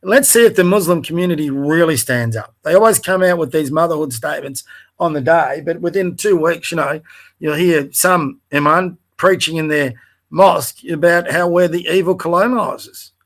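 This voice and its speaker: A man's voice: on the high side, normal speed, fairly bright tone. A middle-aged Australian man hosting a livestream, bluntly and profanely ranting as he reads and mocks posts. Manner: blunt, profane, scornful asides. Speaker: livestream host. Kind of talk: angry live rant reading social media posts.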